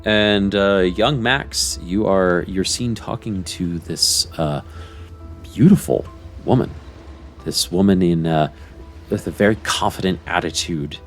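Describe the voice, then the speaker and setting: A man with a very deep voice narrates a tabletop game as game master. He speaks slowly and describes scenes at length, pausing on fillers. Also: soft background music.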